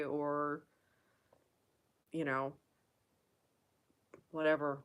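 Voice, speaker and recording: Chatty woman hosting a live Q&A. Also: sits low. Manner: chatty, reads viewer comments aloud, quick asides. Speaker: livestream host. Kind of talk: casual live Q&A chat.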